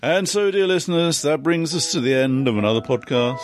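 A man's voice: on the high side, lively intonation, a little fast, over music. A man co-hosting a podcast, signing off in a playfully pompous way. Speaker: podcast co-host. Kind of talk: mock-grand sign-off.

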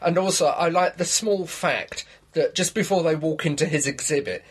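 A man chats reflectively through a podcast commentary, often restarting his sentences. His voice is husky and sits a little high. He laughs easily as he talks. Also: normal speed. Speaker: podcast co-host. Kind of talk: casual commentary chat.

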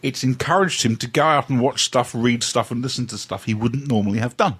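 Chuckling husky man reading listener mail. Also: medium pitch, a little fast, a bit bright. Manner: chuckling, reads messages aloud. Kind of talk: casual chat.

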